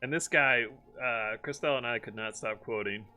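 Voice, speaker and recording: A young man with a bright, forceful voice chats loosely on a stream and laughs between stories. He tells his stories with animated, playful impressions of the people in them. Faint music plays behind him. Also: mid-range voice, moderate pace. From Maryland, USA. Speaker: streamer host. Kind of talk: casual chat.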